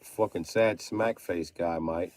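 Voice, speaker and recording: A man livestreaming, ranting in mocking tones with sudden shouted bursts and jokey mock British slang. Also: deep voice, slow pace, slight background noise.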